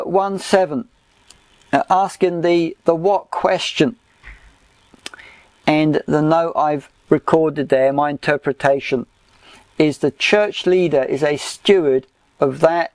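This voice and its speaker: Male Bible teacher, unhurried, halting lecture delivery, dry close recording. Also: a little high, darkish tone, dry recording. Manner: slow, measured, with frequent "uh" pauses.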